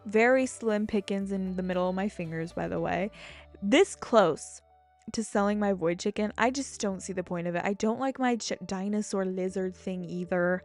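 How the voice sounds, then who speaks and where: A young woman chatting casually over her gameplay, rambling from topic to topic, getting excited and swearing freely. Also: medium pitch, moderate pace, faint music behind. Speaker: gaming YouTuber.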